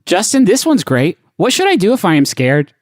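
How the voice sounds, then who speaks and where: Animated male comedy podcast co-host, higher voice, wide swings in pitch, dry close studio sound. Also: normal speed, dry recording. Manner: animated, riffing, sudden swoops in pitch. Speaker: podcast co-host reading questions. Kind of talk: casual comedic banter.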